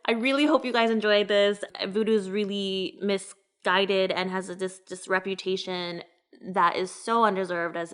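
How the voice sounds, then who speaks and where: A woman's voice: mid-range voice, clear, resonant tone. A woman co-hosting a podcast in casual chat, swearing casually and laughing often. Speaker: podcast co-host.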